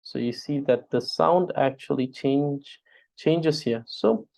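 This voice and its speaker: A man teaching a spelling lesson, drilling syllables aloud patiently with many pauses. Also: mid-range voice, vocal fry, mellow. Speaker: Tibetan language teacher.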